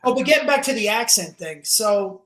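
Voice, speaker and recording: A man with a New Jersey accent, telling animated stories in a casual podcast chat and swearing freely. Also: high-pitched, moderate pace, echoey room. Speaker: guest comedian.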